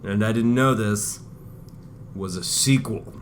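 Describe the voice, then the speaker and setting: Slow-talking joking male podcast host. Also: fairly low pitch, a little hiss or hum. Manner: joking, laughs often. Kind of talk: casual podcast chat.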